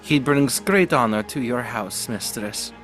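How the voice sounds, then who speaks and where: A man's voice: mid-range voice, expressive, a little slow, fairly bright tone, soft background music. A man doing a timid, apologetic servant girl. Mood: nervous. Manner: stammering, apologetic, hesitant.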